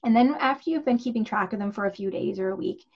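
Woman parenting coach, gravelly tone, chatty with fillers, dull lo-fi audio. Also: mid-range voice, quick pace. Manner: chatty, with frequent fillers and restarts. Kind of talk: conversational parenting advice.

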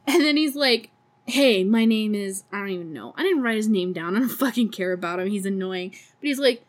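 A woman's voice: mid-range voice, lively intonation, a little fast. A woman hosting a podcast, recapping a movie in casual chat with sarcastic, profane asides and frequent laughter. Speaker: podcast host.

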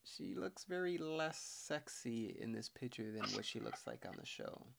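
A young man chatting on a casual podcast, his mid-pitched voice carrying a gravelly edge. He reads from notes in a loose, rambling way and trips over hard words as he goes. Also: animated, moderate pace, fairly bright tone. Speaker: podcast co-host. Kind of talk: casual chat.

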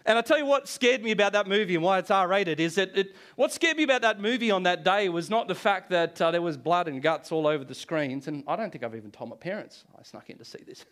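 A man's voice: sits high, animated, quick pace, hardly any pauses, a bit bright. A man preaching a Good Friday sermon to a church congregation, telling stories with a joking touch and chuckling often. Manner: storytelling, jokey, chuckles often. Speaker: pastor.

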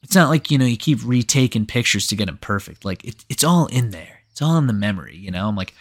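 A man's voice: on the low side, expressive, fast. A man co-hosting a podcast. He tells a story in a rambling, casual way, full of "like" and freely swearing. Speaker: podcast co-host.

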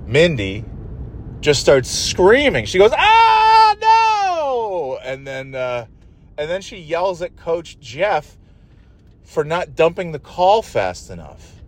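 Profane, rambling man ranting solo. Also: medium pitch. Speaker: podcast host.

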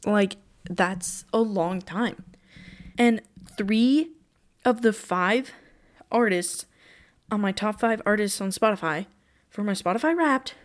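Gushing teenage girl chatting solo. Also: medium pitch. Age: teens. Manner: gushing, breathless, exclamations. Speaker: podcast host. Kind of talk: casual solo chat.

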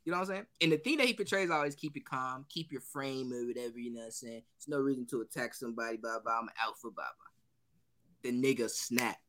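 A man with a mid-range voice, talking a little fast, co-hosts a casual podcast and tells a lively story. Acting out quotes along the way, he laughs often.

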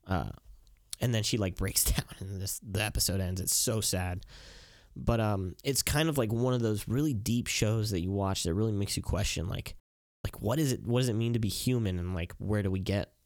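A man's voice: fairly low pitch, moderate pace, no room sound, clean studio sound. A man co-hosting a podcast in casual chat, talking earnestly and rambling, easily moved. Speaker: podcast co-host.

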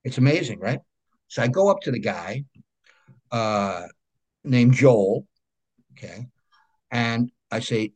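A man with a New York accent, a guest telling lively anecdotes in a casual interview and often checking in with "right?". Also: mid-range voice, slow pace, pauses often. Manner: animated anecdotes, frequent "right?" check-ins. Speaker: guest, comic book creator.

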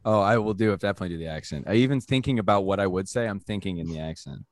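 A man's voice: sits low, very fast. A man hosting a comedy podcast, joking and laughing often, restarting his sentences. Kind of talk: casual comedy podcast chat.

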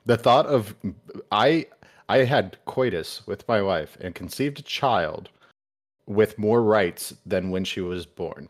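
A man's voice: lowish voice, expressive, takes it slowly. A tipsy man co-hosting a casual podcast, rambling loosely and laughing often. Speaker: podcast co-host. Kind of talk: casual drinking chat. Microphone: podcast mic.

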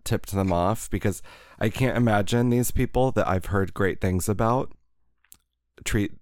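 A man's voice: on the low side, unhurried, a little mellow, dry recording, clean studio sound. A man co-hosting a podcast, chatting casually and telling stories with sarcastic asides. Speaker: podcast co-host. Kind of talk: casual chat.

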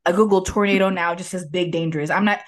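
A woman's voice: lowish voice, steady tone, fast. A young woman co-hosts a casual podcast from a home office. She talks in a chatty, rambling way, often restarting her sentences. She describes herself as anxious and careful about risks. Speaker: podcast co-host. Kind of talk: casual chat.

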